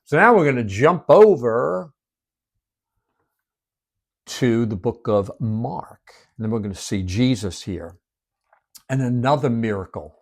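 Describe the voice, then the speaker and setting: A male preacher tells Bible stories with great drama. His pitch moves widely and his voice sits at an average height. He drops to near-whispers to drive a point home. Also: lively intonation, slow pace, pauses often. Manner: dramatic storytelling, dropping to hushed whispers for emphasis. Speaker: Bible teacher. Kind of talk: expressive Bible-study sermon.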